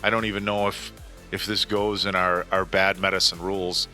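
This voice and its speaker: A man's voice: low-pitched, little pitch movement, moderate pace, sharp tone, faint music behind. A man in his forties hosting a movie reaction, talking casually and earnestly with many fillers and restarts. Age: 40s. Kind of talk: casual chat.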